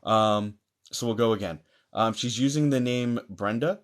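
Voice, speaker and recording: A man's voice: mid-range voice, a little slow. A man hosting a live-stream mediumship session, greeting viewers by name and reading chat aloud in a chatty manner with many fillers.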